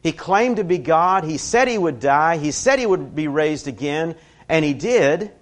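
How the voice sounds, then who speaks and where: A man preaching a sermon in a conversational way, telling stories with personal asides. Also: fairly high pitch.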